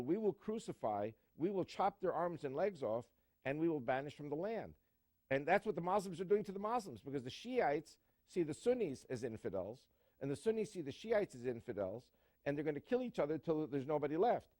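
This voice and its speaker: A man's voice: medium pitch, dark tone, no echo. A man answering questions as a guest in an interview, emphatic and full of fillers and jokes.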